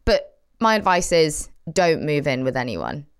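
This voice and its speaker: Animated woman with a very lively pitch. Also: unhurried, smooth. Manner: lively, laughs a lot, self-deprecating. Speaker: co-host. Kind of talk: casual podcast chat.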